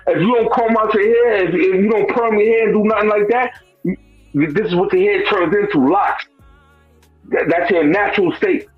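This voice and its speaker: Husky high-pitched New man. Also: steady tone, moderate pace, no room sound, phone-quality sound, faint music behind. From Brooklyn, New York. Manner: profane, streetwise, peppered with "bro" and "you know what I'm saying". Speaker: guest. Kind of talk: casual storytelling.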